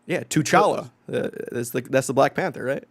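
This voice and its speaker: A man's voice: mid-range voice, moderate pace, creaky. A man co-hosting a casual comics podcast, teasing the others and laughing often. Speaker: podcast co-host. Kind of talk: casual chat.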